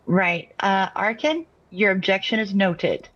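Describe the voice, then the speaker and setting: A woman's voice: medium pitch, lively intonation, unhurried, fairly bright tone, highs cut off. A woman playing a tabletop game, playful and cheerful in character. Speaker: player. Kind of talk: tabletop role-play.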